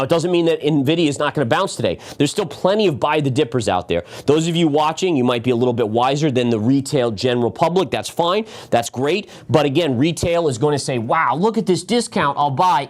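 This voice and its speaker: A middle-aged man hosting a live market analysis show, talking emphatically and calling his viewers "guys", sometimes short of breath from talking fast. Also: medium pitch, darkish tone. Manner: quick talk, sometimes winded. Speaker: market strategist and show host.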